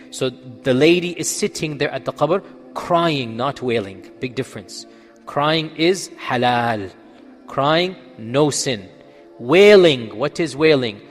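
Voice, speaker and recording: A man's voice: mid-range voice, long reverb tail. A man giving an Islamic religious lecture in answer to questions. He speaks emphatically, asks rhetorical questions and answers them himself, and checks in with his listeners. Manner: checks in with the audience with "Okay?". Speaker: Islamic scholar.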